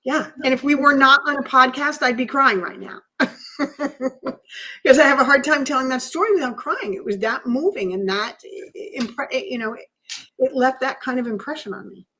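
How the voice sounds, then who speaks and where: A woman's voice: high voice, moderate pace, sharp tone, poor audio. A woman co-hosting a podcast, telling a personal story in an earnest, emotional way. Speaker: podcast co-host. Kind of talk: storytelling in casual chat.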